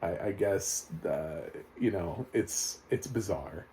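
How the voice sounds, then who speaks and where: A man's voice: sits low, animated, slow pace, mellow, a little hiss or hum. A man reviewing a film in casual, rambling talk with sarcastic asides.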